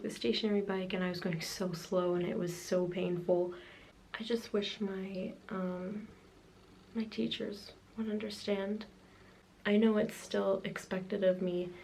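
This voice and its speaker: A Canadian vlogger in her late teens rambles through a casual video diary, leaning heavily on "like" and "um." Her medium-pitched voice is gravelly and darkish, with a little hiss or hum on the recording.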